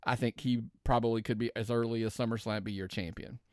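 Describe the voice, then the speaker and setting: A man's voice: medium pitch, steady tone, quick pace, a little mellow, no echo. Man with a dry, close sound talking wrestling. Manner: talks in restarts, working out opinions aloud. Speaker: podcast co-host. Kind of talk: casual chat.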